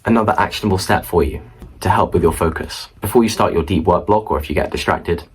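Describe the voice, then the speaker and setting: Pitched low and slightly rough, a young man speaks quickly and casually to the camera, explaining study tips with chatty asides. The student study vlogger films indoors at home using a camera mic facing the viewer, with poor audio as a result.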